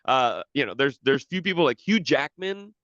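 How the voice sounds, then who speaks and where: On a podcast, the same sort of co-host keeps chatting loosely, stumbling into restarts and dropping casual profanity. Here his voice sits on the high side with lively intonation at a moderate pace, slightly bright, captured dry and lo-fi.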